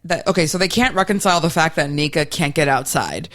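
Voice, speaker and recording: A woman guesting on a film podcast, speaking in a mid-range voice with a bright edge. She talks casually and animatedly, laughing as she complains. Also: low-pitched, quick pace. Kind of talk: casual movie discussion.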